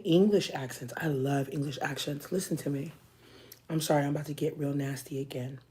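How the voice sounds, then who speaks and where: A woman's voice: low-pitched, warm tone. An American woman hosting a casual live stream, chatting frankly and joking as she reads viewers' comments aloud. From United States. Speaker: livestream host.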